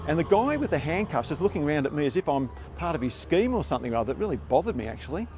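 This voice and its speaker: An older Australian man telling a story in a relaxed, wry, conversational way. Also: a little high, very fast, slight background noise. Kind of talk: casual spoken storytelling.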